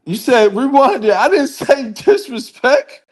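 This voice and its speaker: A man with a loud voice, defiant and dismissive as a guest in a heated panel debate, repeating his demands. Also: very high voice, big pitch swings, a little slow.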